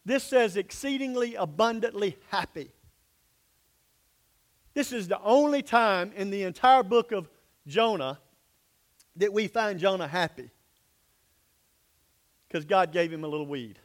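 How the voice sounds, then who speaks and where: A man preaching a sermon, acting out voices and swinging from hushed asides to loud outbursts. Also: high-pitched, expressive, measured pace, long pauses. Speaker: pastor.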